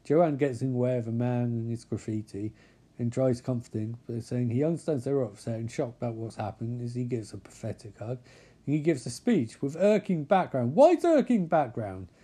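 A man recaps an episode with dry sarcasm and casual swearing, undercutting the drama with deadpan jokes. His voice is warm and mellow, sitting at an ordinary middle pitch. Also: brisk, slightly rough. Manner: deadpan, mocking, profane asides. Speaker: comedic recap narrator.

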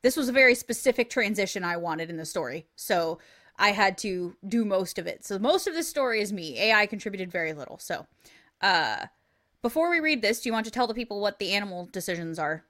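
A woman's voice: mid-range voice, expressive, brisk, pushed and bright. A woman co-hosting a podcast, chatting casually and animatedly. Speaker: podcast co-host. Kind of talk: casual chat.

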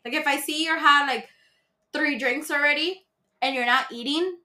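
Woman, podcast guest, chatty, bright tone, a bit high-pitched. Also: normal speed. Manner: chatty, explains plainly, frequent fillers. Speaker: podcast guest, restaurant server. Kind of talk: casual podcast chat.

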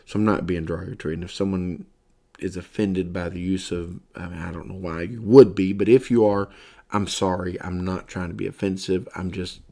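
Deep-voiced and warm, with vocal fry, this man speaks a little fast in a steady tone. He's a weary Bible teacher who yawns through a sermon-style lesson, reading passages with building emphasis and explaining them loosely with plenty of fillers.

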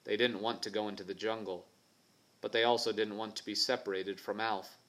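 A man narrating a children's adventure audiobook in a steady, even storytelling manner. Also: lowish voice, brisk, low-quality recording. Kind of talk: scripted narration.

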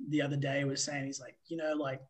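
A man with an Australian accent, a baseball umpire telling stories as a guest, animated and full of fillers. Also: medium pitch, quick pace, rough recording. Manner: animated, filler-heavy storytelling with swearing. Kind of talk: casual interview storytelling.

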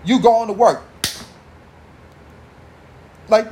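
A man's voice: very high-pitched, animated, measured pace, long pauses. A man hosting a podcast, talking alone in a casual, rambling, profane way, full of slang and swearing. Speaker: podcast host. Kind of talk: casual monologue.

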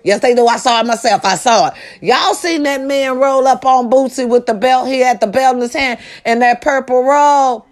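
A woman delivering a comedic rant to her viewers, loud and profane, hollering with big swings in her voice. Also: high-pitched, moderate pace, few pauses.

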